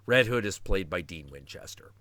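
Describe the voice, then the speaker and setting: Stream host, man in his 40s, low voice, animated and profane, dry sound. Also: moderate pace, no room sound. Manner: animated, profane, acts out quotes. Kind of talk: casual chat.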